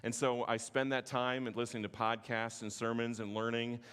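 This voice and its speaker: A man, teaching at a conference in a passionate, sometimes forceful way with joking asides. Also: medium pitch, flat delivery, normal speed, clean tone. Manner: passionate, can sound forceful; self-deprecating joking asides. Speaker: conference speaker. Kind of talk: teaching sermon. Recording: long hall reverb.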